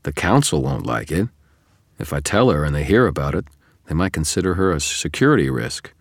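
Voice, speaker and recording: Audiobook: weary sarcastic wizard, gruff, very low voice, as a man reads him. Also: sing-song, a little fast, no echo, clean studio sound, full character voice. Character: tired, sardonic male wizard hero. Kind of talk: audiobook character reading.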